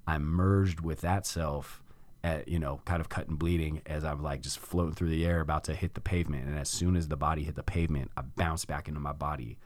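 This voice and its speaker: A man's voice: a bass voice, steady tone, brisk, dry recording. A middle-aged man hosting a podcast, telling a personal story in casual conversation and acting out his own past reactions. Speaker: podcast host.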